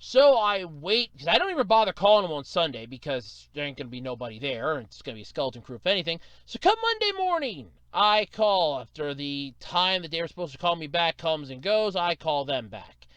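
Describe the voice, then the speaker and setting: A man's voice: a little high, very animated, brisk, hardly any pauses, fairly bright tone, no room sound, lo-fi sound. A man hosting his own podcast, telling an exasperated story and mimicking customer service agents. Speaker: podcast host. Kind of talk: solo podcast rant.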